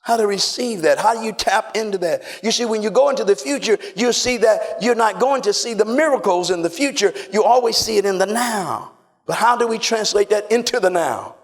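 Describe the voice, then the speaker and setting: A man preaching a sermon, emphatic and repetitive, often shouting and calling on the congregation to respond. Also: high voice, lively intonation, brisk.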